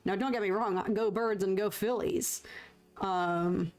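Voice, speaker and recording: A woman's voice: medium pitch, a little slow, darkish tone. Chatty woman streaming while painting. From United States. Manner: chatty, laughs often, thanks chat viewers. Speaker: livestreaming artist. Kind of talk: casual chat while painting.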